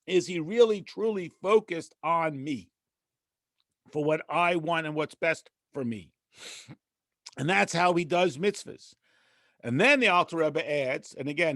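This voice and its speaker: A man's voice: fairly high pitch, no room sound, studio quality. A middle-aged man, a rabbi, teaching a conversational text lesson and acting out bits of dialogue. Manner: acts out dialogue with lively voices.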